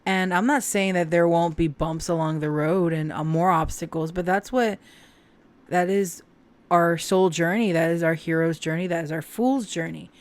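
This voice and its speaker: A woman's voice: on the low side, fairly even intonation, normal speed. A woman giving a casual tarot reading to camera, heartfelt and emotional as she talks straight to her viewers. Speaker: tarot reader.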